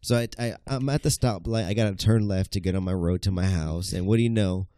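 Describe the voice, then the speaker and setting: Young man ranting with a mellow low voice. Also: fast, no room sound. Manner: animated, profane, ranting storyteller. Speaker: podcast co-host. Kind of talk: casual storytelling chat.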